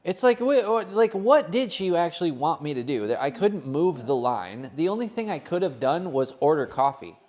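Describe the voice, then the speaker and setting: A man's voice: on the high side, very animated, moderate pace, hardly any pauses, darkish tone. A man co-hosting a casual sports podcast, telling a rambling story full of swearing. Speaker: podcast co-host. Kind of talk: casual chat.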